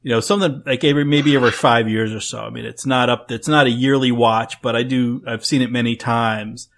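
Podcast cohost dude, middle pitch, laid back and rambly. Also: male voice, fairly quick. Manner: relaxed, rambling, with fillers. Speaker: podcast co-host. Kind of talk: casual podcast chat.

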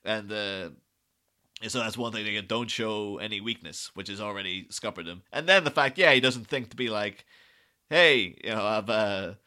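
Man, podcast co-host, rambling with fillers, acts out quotes, bright edgy tone. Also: lowish voice, moderate pace. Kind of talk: casual podcast chat.

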